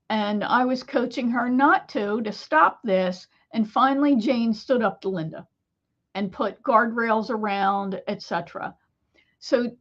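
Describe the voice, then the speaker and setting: A woman business coach talking to camera, telling a client story with animated, lively asides. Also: fairly high pitch, lo-fi sound. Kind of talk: solo talk to camera.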